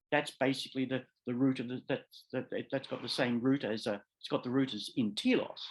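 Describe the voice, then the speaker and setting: A man, a law professor, giving a measured academic seminar lecture that explains ideas step by step and sometimes corrects himself. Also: a little high, rough recording. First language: English. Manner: measured, explanatory, repeats key terms; occasional self-corrections.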